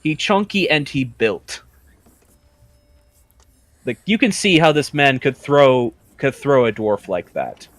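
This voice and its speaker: A man's voice: mid-range voice, slow, long pauses, no echo. Laid-back man narrating a tabletop game. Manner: relaxed, chatty narration full of fillers. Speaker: game master.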